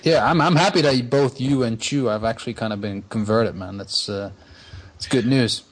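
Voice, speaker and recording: A man's voice: mid-range voice, moderate pace, slightly rough. An easygoing man giving his view in a casual podcast chat. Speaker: podcast regular.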